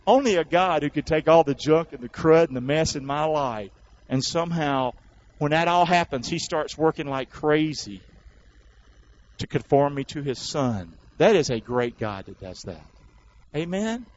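A male preacher delivering a sermon, calling on the congregation to repeat after him and rising to loud recitation. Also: on the high side, lively intonation, moderate pace, highs cut off. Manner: call-and-response preaching, builds to loud recitation.

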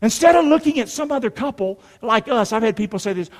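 A man's voice: extremely high pitch, lively intonation, quick pace. A middle-aged male pastor preaching a sermon in a church, folksy and emphatic, pulling the congregation into call and response. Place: church sanctuary. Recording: long hall reverb.

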